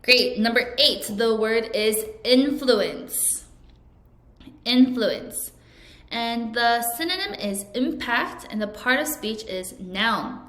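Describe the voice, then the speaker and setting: Slow, clear woman teaching vocabulary. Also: a little high, expressive, fairly bright tone. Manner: slow, clear, over-enunciated teaching delivery with repeat-after-me prompts. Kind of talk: recorded vocabulary lesson for children. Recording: echoey room.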